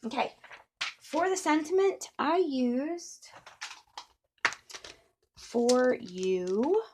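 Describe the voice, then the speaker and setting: A woman's voice: high-pitched, big pitch swings, drawn-out words, noisy background. A middle-aged woman chatting through a papercraft tutorial, rambling with playful asides. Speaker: papercraft demonstrator. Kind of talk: casual crafting tutorial.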